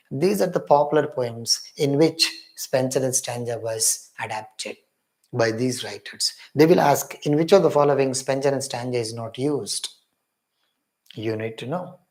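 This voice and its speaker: A man's voice: mid-range voice, a little mellow. A man with an Indian English accent giving an exam-prep literature lecture, emphatic, repeating key points and calling viewers his friends.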